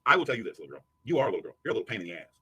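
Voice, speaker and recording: Husky, rapid-fire angry man ranting. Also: on the low side, very animated, no echo. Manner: profane, shouting insults at a rival. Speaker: YouTube streamer. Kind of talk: angry livestream rant.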